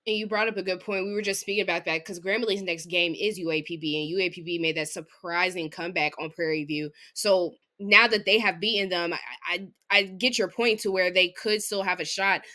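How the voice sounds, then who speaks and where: Bright-voiced female sports co-host. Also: fairly low pitch, fairly even intonation, a little fast, few pauses. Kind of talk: sports talk.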